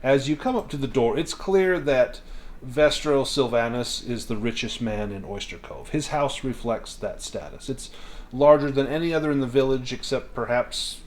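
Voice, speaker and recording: A man running a tabletop game as game master, narrating in a relaxed, descriptive way with some restarts. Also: mid-range voice, normal speed.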